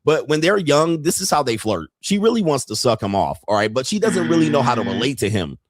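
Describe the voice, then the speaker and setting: A man's voice: mid-range voice, sing-song, brisk, no room sound, studio quality. A middle-aged man hosting a commentary show, reacting bluntly and crudely to viral clips with frequent laughter. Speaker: host.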